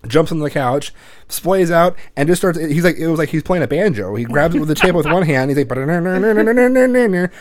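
A man's voice: a little high, fairly quick. A man in his thirties hosting a podcast, talking bluntly and profanely in casual chat, rambling with restarts. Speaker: podcast host.

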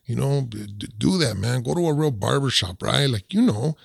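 A streetwise man rants loosely and slangily, scattering words through his talk. His lowish voice is deeply gravelly and husky. The sound is close and dry. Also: lively intonation, moderate pace, no room sound. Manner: streetwise, drawling, peppers talk with 'man' and 'you know'. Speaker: podcast guest. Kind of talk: casual ranting chat.

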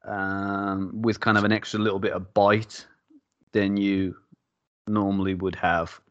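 A man's voice: low voice, level tone, measured pace, a bit bright, no echo, dull audio. A man co-hosting a casual beer-tasting podcast, jokey and rambling, laughing often. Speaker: podcast co-host.

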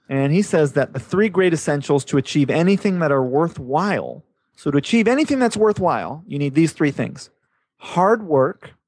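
A man co-hosting a podcast in relaxed chat, upbeat and easygoing, calling his partner man and dude. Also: a little high, no echo. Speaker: podcast co-host.

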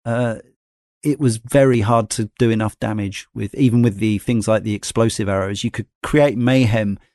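A man's voice: lowish voice, fairly even intonation, normal speed, darkish tone, no room sound, studio quality. A man hosting a podcast, talking through a game in a thoughtful, rambling way and passing questions to his co-hosts. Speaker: podcast host. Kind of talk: casual game discussion.

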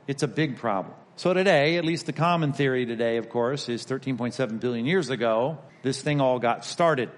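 A middle-aged man teaching an apologetics class in a conversational, emphatic way, often repeating and restarting words. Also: on the high side. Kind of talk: conversational lecture. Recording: long reverb of a hall.

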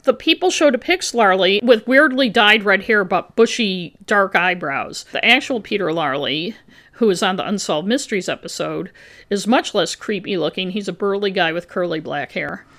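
A woman's voice: medium pitch, expressive, normal speed, fairly bright tone. A woman hosting a podcast, reading her own true-crime script with casual asides to her co-host. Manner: reads a researched script with asides.

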